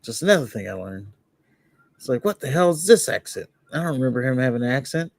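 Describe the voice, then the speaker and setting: A man's voice: medium pitch, big pitch swings, fast talker, gravelly, dry recording. A man co-hosting a podcast in casual chat, giving short agreeing replies and laughing easily. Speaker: podcast co-host.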